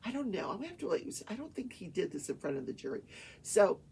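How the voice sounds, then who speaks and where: Older woman host, very husky and gravelly, chatty trial recap with asides. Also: mid-range voice, sing-song, quick pace, darkish tone. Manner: chatty, retells testimony in quoted voices with asides. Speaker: talk show host and retired attorney. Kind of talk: casual storytelling recap of a trial.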